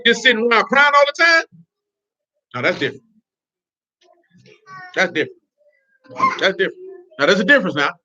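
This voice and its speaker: A man's voice: high-pitched, big pitch swings, brisk, pauses often, sharp tone, slight background noise. A man giving informal, blunt religious teaching in streetwise slang, with laughing asides. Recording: dull lo-fi recording.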